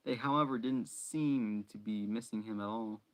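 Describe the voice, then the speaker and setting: A man's voice: lowish voice, normal speed, poor audio. A man reading a novel aloud in a casual, unpolished way, stumbling and restarting words and breaking off for asides. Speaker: hobby reader.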